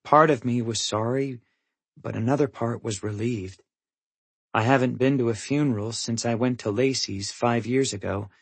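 A man reading a first-person audiobook, in a measured, somber manner. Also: mid-range voice, breathy edge, no room sound. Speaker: audiobook narrator.

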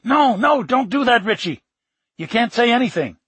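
Excited young brooklyn man with a secret, as a reader puts him on, husky, dry. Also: very high-pitched, moderate pace, no room sound, pitched above the performer's own voice, heavily acted. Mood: insistent.

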